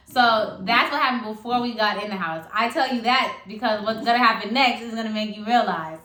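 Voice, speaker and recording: A woman's voice: on the high side, fast talker, few pauses, bright, forceful tone. A young woman telling a story in casual chat, blunt and profane, often jumping in. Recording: echoey room with faint noise.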